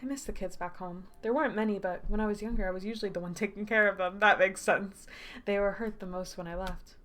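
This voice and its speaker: Woman voicing a timid, tender young companion; hushed, wistful delivery. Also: mid-range voice, fairly even intonation, quick pace, lightly acted. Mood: gentle. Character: gentle shy young male companion.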